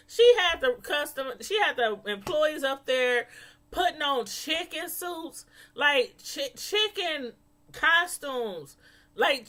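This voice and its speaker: Chatty bright-voiced woman vlogger. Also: high-pitched. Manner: chatty, laughs a lot, mimics people in quotes. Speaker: vlogger reviewing a reality show. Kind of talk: casual chat to viewers.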